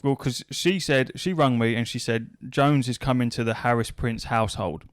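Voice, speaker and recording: A podcast host spins a casual anecdote, cursing freely as he acts out both sides of a conversation. His voice sits at an ordinary middle pitch for a man. The sound is dry and close, with no room around it. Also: moderate pace, no echo. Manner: swears freely, relays a story with quoted back-and-forth dialogue. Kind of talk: casual storytelling chat.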